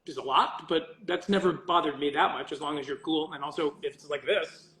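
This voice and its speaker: A man's voice: on the high side, steady tone, a little fast, pushed and bright, slight background noise. Rambling man in an echoey room. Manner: rambling, self-interrupting, swears jokingly. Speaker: voice actor signing autographs for fans. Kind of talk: casual livestream chat.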